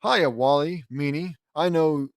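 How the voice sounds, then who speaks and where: A man reading a friendly cartoon woodpecker, flat and dry, no cartoon voice attempted. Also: a little high, unhurried, no echo. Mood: plain.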